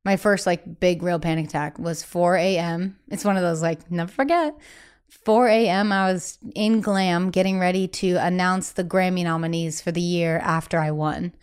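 A young adult woman, a singer-songwriter being interviewed, talking candidly and casually, with frequent "like" fillers and lively acted-out quotes. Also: lowish voice, normal speed, clear, resonant tone. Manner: chatty, many "like" fillers, acts out quoted voices.

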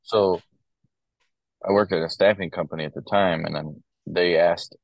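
A young man from Ohio, a corrections officer appearing as a podcast guest, tells stories in loose, casual conversation packed with fillers. His low voice moves at normal speed with some vocal fry. The recording is dry and low in quality.

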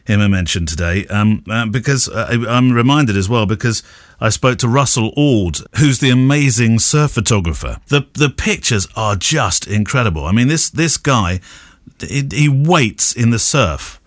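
Chatty podcast host, lively pitch. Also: male voice, moderate pace, no room sound, studio quality. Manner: rambling, chuckling, self-correcting. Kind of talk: casual podcast chat.

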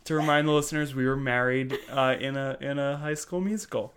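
A woman's voice: extremely low pitch, fairly even intonation, brisk, a little hiss or hum. A young woman co-hosting a casual podcast, loose and rambling, swearing offhandedly. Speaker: podcast co-host. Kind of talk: casual chat.

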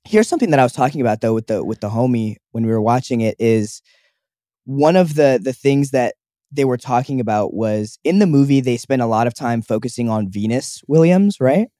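A young man co-hosting a casual chat show rambles along with lots of fillers and restarts. As a podcast co-host, he speaks a little fast in an animated, mellow, mid-range voice, recorded at studio quality with no echo.

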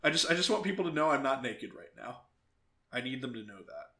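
Casting: joking male co-host, bright tone, very lively pitch. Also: quick pace. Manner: playful, jokey, animated. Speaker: podcast co-host. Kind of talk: casual chat.

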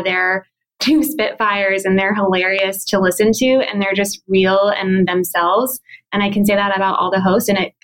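Interview guest, woman, mid pitch, chatty and casual, peppered with fillers. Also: rough recording. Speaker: podcast program manager, guest.

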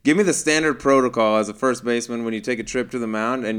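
A man's voice: medium pitch, fast talker, hardly any pauses, clean tone. A man hosting a casual chat, laughing along and asking a question. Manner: laughs along, eager reactions. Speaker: podcast host.

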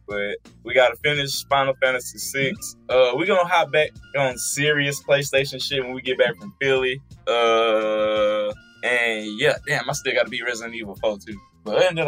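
A man's voice: medium pitch, fairly bright tone. A man co-hosting a podcast, talking in a laid-back, slangy way and laughing often. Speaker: podcast co-host. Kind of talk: casual chat.

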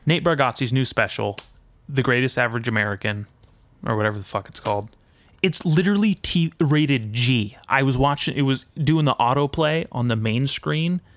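A man's voice: mid-range voice, moderate pace, fairly bright tone. A man ranting in a rambling, foul-mouthed monologue as a podcast host, mixing indignation with self-deprecating asides. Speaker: podcast host and aspiring comedian.

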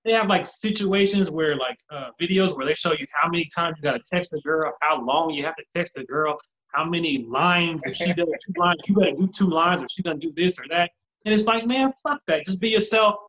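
A man's voice: fairly high pitch, fairly quick, bright, forceful tone, muffled recording. Blunt swearing man in casual talk. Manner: blunt, loose, swears a lot. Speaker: podcast co-host.

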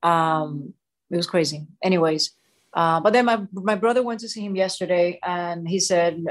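A woman in her forties, a show co-host, telling a personal story with halting restarts and repeated words. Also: fairly low pitch. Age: 40s.

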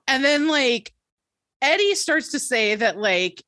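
A young woman in casual chat about a show, expressive and quick to laugh, swearing freely as she reenacts scenes. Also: high voice. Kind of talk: casual chat recapping a TV episode.

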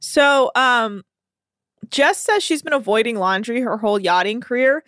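A woman's voice: on the high side, expressive, moderate pace, fairly bright tone, dry recording, studio quality. A woman podcast host recapping a reality show in casual, profane, laughing chat.

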